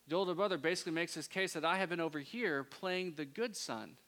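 A man preaching a sermon, moving between hushed, intimate passages and loud, impassioned pleading. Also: fairly high pitch, fast talker, hardly any pauses.

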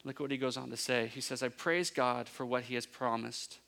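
A man preaching a sermon, asking his listeners questions and building to emphatic peaks, with relaxed conversational asides. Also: medium pitch, normal speed, creaky. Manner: conversational asides, self-correcting. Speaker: pastor.

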